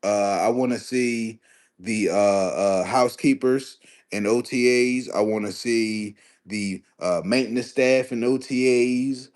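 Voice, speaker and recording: Man streaming live, young adult, loose slangy delivery, middle pitch. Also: slow. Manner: slangy, animated, reacting to chat. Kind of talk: casual livestream sports commentary.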